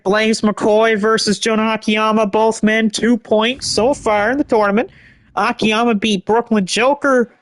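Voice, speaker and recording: A man calling a wrestling match play by play, energetic and shouting at big moves, often tripping over move names and correcting himself. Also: high voice, a little hiss or hum. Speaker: play-by-play commentator. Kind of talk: excited play-by-play commentary.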